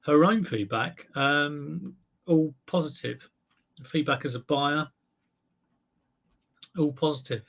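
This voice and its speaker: A man's voice: fairly high pitch, takes it slowly, vocal fry, pauses often, fairly bright tone. A man hosting a casual live stream, chatting to viewers and thinking aloud, with frequent fillers and self-mocking asides. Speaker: eBay reseller livestream host.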